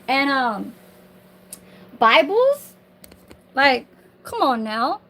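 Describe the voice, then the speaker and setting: A woman's voice: sits high, expressive, a little slow, a bit bright, poor audio. A woman ranting on her livestream from home in a casual, heated, profane and rambling way.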